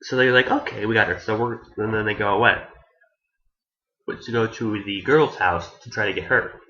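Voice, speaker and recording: A man's voice: on the low side, moderate pace, pushed and bright, muffled recording. A man giving a casual, rambling anime review who restarts his sentences often and swears offhandedly.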